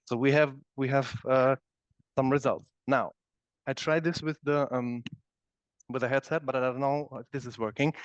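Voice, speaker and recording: A man's voice: medium pitch, dry recording. A man teaching a live yoga class, demonstrating the moves as he explains them and often checking in with "okay?". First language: German. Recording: dull, dry studio recording.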